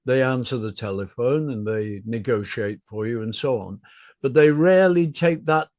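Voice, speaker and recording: A man's voice: medium pitch, moderate pace, darkish tone, no room sound, clean studio sound. An older man hosting a podcast, responding encouragingly and offering reflective comments. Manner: encouraging listener, reflective remarks. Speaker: podcast host. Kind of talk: casual chat.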